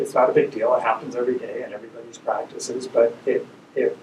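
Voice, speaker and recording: A man's voice: mid-range voice, darkish tone. A man speaks at a ceremony in a loose, conversational way, working through a story with small restarts. He is picked up from some distance in an echoey hall. A faint hum of room ambience sits underneath. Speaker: ceremony speaker, chiropractic doctor. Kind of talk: speech at a pinning ceremony. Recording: echoey hall, far from the mic.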